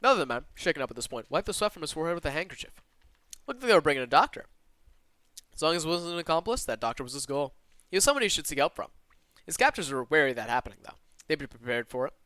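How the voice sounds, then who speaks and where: A man with a slight Southern twang reads a visual novel aloud on a live stream from his own room. He talks fast and with a lively, bouncing pitch, breaking off for quick asides. His voice is bright, and the sound is dry and close. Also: no room sound. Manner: animated and expressive, with quick asides to chat.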